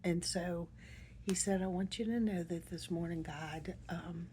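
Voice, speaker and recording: A middle-aged woman speaks in a soft, emotional personal monologue, pausing often and drifting now and then into a near whisper. Her voice sits fairly low and mellow, and her pace is very slow. Faint background noise sits behind her. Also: steady tone. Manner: soft-spoken, emotional, halting with many pauses. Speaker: vlogger.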